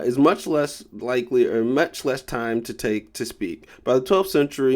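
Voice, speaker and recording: This tarot reader is a man whose mid-range voice carries a slightly dark tone. Joking his way through an easygoing reading, he wanders off topic and stumbles whenever he reads text out loud.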